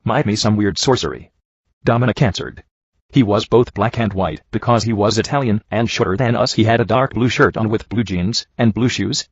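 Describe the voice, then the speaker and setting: A man reading a badly written story aloud in a dry, sarcastic, deadpan way, mocking it as he goes. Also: on the low side, a little fast, husky, no room sound. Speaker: reviewer reading bad fanfiction. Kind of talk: dry comedic reading and commentary. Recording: dull lo-fi home recording.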